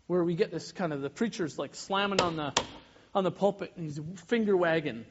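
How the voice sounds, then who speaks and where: A man in his thirties, a pastor giving a sermon, animated and often breaking off mid-sentence to act out little scenes. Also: sits high, brisk, highs cut off, a little hiss or hum. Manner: animated, self-interrupting, acts out little scenes.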